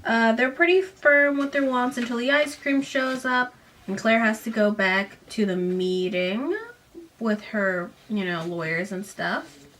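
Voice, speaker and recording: A woman's voice: fairly high pitch, unhurried, fairly bright tone, slight background noise. This is a young woman giving a casual, chatty recap of a teen novel. She reads bits aloud, then drops them to tease the text with sarcastic asides. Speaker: book reviewer. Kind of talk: casual book recap with read-aloud passages.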